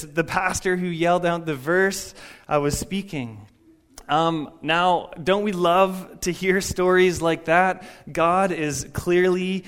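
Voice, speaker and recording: High-voiced young youth pastor preaching. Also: male voice. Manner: conversational storytelling preacher, animated quotes. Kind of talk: sermon. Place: church sanctuary.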